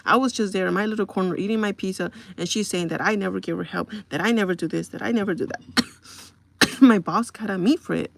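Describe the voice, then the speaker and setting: A woman chatting live to her viewers, her voice carrying a steady gravelly fry. She vents in an exasperated, casual way and keeps turning to the audience to ask if they follow her. She sits in the middle of the usual pitch for a woman. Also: fast, background noise. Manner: exasperated, venting with repeated asides to the audience. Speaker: live streamer. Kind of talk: casual storytelling rant to viewers.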